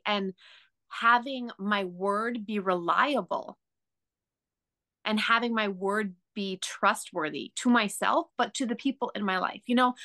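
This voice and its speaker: A woman's voice: mid-range voice, sharp tone. A woman co-hosting a casual conversation, explaining her ideas in an earnest, emphatic way.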